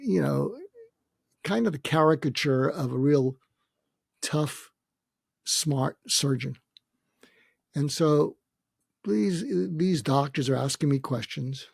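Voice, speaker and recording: An older man with a gravelly, creaky voice tells a personal story on a podcast. He talks reflectively, with frequent pauses and hesitations. The recording is close and dry. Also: on the high side, animated, dry recording. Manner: reflective, with many hesitations and quoted dialogue. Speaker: podcast guest. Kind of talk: storytelling in a conversation.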